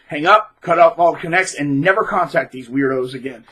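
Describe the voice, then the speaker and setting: A man talks to his audience in a loose, rambling monologue, restarting his sentences and punching words with sudden loud emphasis. His voice sits a little high, with a bright, edgy tone and a husky grain. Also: moderate pace, rough recording. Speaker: channel host. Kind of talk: casual advice monologue.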